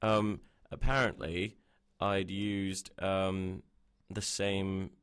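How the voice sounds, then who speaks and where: A man's voice: sits low, level tone, very slow, fairly bright tone, clean tone. A young man co-hosting a podcast in casual chat, laid-back and swearing freely. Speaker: podcast co-host.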